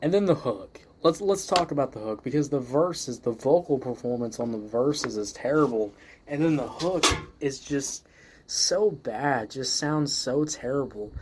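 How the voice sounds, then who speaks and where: A man's voice: mid-range voice, animated, unhurried, darkish tone, slight background noise. A man hosting a music review show, ranting heatedly and swearing constantly while he judges a song. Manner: heated, swears constantly, leans on "you know".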